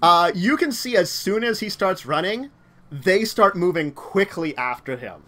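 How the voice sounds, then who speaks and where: A man's voice: high voice, animated, a little slow, pushed and bright. A man running a tabletop game as game master, narrating with many fillers and hesitations. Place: home room, online stream.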